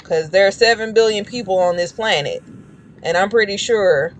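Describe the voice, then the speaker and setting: A woman's voice: mid-range voice, normal speed, a little hiss or hum. A woman chatting casually while streaming a game, rambling and shrieking when startled. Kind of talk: casual gameplay commentary.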